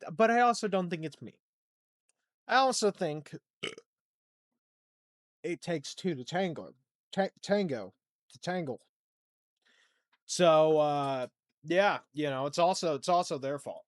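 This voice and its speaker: A man's voice: fairly high pitch, animated, measured pace, pauses often, dry recording, studio quality. A young man hosting a solo podcast, rambling and self-deprecating, dropping to a mumble and then turning emphatic. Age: young adult. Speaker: podcast host. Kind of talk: casual solo podcast monologue.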